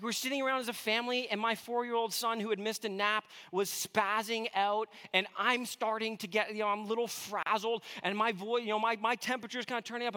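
A man in his thirties preaching a sermon, telling a family story with earnest warmth and some self-deprecating humor. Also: sits high. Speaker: pastor.

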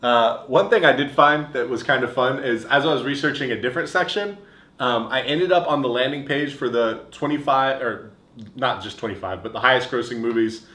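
A young married man co-hosting a podcast, with a dry, deadpan humor in casual chat. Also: medium pitch, a little fast, reverberant. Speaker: podcast co-host.

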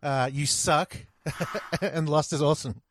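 A man's voice: a little high, unhurried, noisy background. A man in casual podcast chat, laughing through good-natured ribbing. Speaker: podcast guest.

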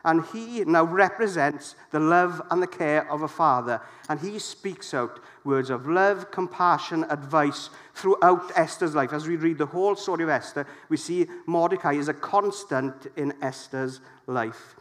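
Lively preacher, fairly high voice. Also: male voice, measured pace, few pauses. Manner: lively, jokey, asks the congregation questions. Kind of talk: sermon.

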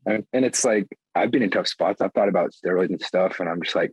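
A man's voice: low voice, a little fast, breathy edge, no echo. A man speaking as a guest in a casual interview, rambling with lots of filler words and blunt swearing. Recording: dull lo-fi audio.

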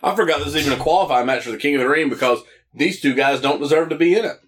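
A man's voice: fairly high pitch, rapid-fire. A man casually riffing over a wrestling match with friends, sarcastic and jokey, swearing a lot. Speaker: co-host watching wrestling.

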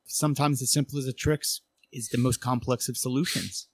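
A man's voice: medium pitch, fairly even intonation, normal speed, no echo, natural voice. Man doing a composed wry adventurer, formal phrasing, dry close sound.

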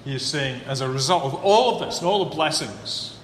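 A male preacher in an echoey church hall, his words trailing off into long reverb over a faint background hum. His voice is bright and lifted a little high. He builds to emphatic peaks, then settles back low and earnest. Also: expressive, a little fast. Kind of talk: sermon.

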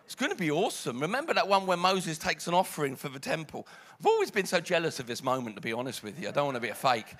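A British man preaching a sermon, dramatic, dropping to hushed lines and rising loud. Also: a little high, sing-song, quick pace, few pauses.

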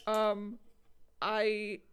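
A woman co-hosting a podcast in casual, animated chat, swearing freely and laughing often. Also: mid-range voice, extremely slow, clean tone. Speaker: podcast co-host.

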